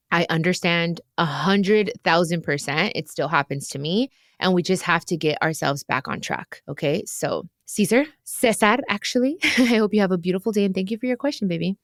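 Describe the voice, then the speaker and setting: A woman's voice: on the low side, no room sound, studio quality. A woman hosting an advice podcast, talking earnestly and with emotion to listeners. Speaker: podcast host giving advice. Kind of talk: heartfelt advice chat.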